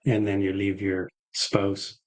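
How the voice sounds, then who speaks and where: A man co-hosting a live trading show, calmly commenting on charts. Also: sits low, slow, low-quality recording.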